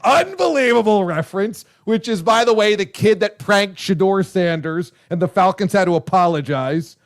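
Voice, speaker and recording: Excitable high-voiced male radio host. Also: normal speed. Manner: effusive, loud praise. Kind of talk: casual talk radio chat.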